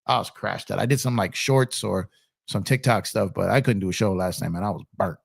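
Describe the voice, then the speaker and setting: A man's voice: lowish voice, fairly quick, gravelly, husky, no room sound, studio quality. A man hosting a casual live-stream sports chat, recovering from a cold, laid-back and repeating himself as he reads out chat.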